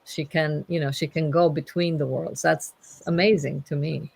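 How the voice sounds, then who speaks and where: A woman's voice: deep voice, fairly even intonation, normal speed, gravelly, a little mellow, husky, rough recording. A woman in casual conversation who teases in a playful way and laughs often. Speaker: podcast host.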